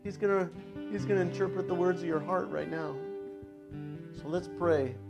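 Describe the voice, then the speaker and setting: A male pastor in his thirties delivers a sermon in an easygoing, conversational manner. His voice sits a little higher than most men's, and he slips into brief quoted asides as he talks. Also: steady tone, normal speed, gravelly, over music. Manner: conversational, plays God and a child in quoted asides.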